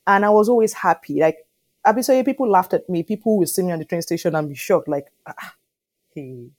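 A woman in her thirties speaks as an interview guest with a fairly low voice. She tells her story with lively energy and keeps checking in with "do you understand?". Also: fast talker. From Nigeria. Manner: animated storyteller, often asking "do you understand?". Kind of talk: conversational interview.

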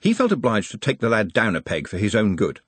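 A man reading a comic novel aloud as an audiobook narrator, in a wry, expressive storytelling manner. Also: on the low side, brisk, slightly rough, no room sound. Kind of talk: scripted narration.

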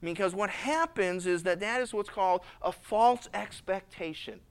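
A man preaching a sermon as a pastor, telling Bible stories lively and acting out the characters, often repeating and restarting his words. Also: sits high, moderate pace, clean tone.

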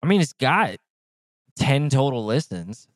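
A man's voice: mid-range voice, big pitch swings, unhurried, no room sound. A man co-hosting a podcast in casual chat, laid-back and blunt, with some swearing. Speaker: podcast co-host.

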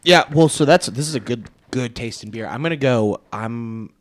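A man's voice: medium pitch, moderate pace, no echo. Young guy cohosting a beer podcast, rambly, lots of ums, dry mic. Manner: rambling, hesitant, lots of fillers. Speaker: podcast co-host. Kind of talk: casual beer-tasting chat. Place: home studio.

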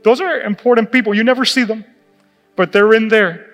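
Animated high-voiced male pastor preaching. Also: fairly quick, lo-fi sound. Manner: animated, laughing, acts out quoted voices. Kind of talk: sermon. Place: church sanctuary. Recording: reverberant church hall with music.

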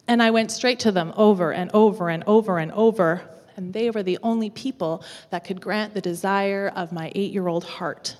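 A woman from the west coast of Canada, preaching a sermon in a church with lively, humorous storytelling. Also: a little high, in a large hall. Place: church auditorium.

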